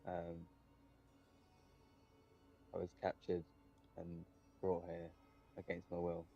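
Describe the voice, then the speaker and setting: A man voicing a calm, childlike male creature who speaks in a halting, polite and formal way, recorded slightly muffled and off-mic. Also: low voice, gravelly, soft background music, full character voice.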